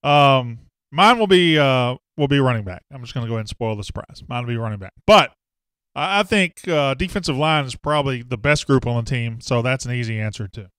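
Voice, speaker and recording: A man's voice: medium pitch, expressive, fairly quick, a bit bright, clean tone, no room sound. Chatty man hosting sports talk. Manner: rambling, self-deprecating, reads viewer comments aloud. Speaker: sports show host. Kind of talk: casual live-stream sports talk.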